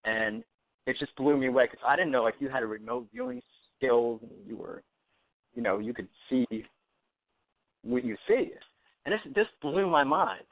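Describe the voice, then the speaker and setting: A man calling in to an internet radio show, talking in a halting way with many restarts and his pitch jumping when he gets flustered. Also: sing-song, gravelly, no room sound. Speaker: call-in guest. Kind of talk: casual chat over a phone line. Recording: tinny phone line, dry.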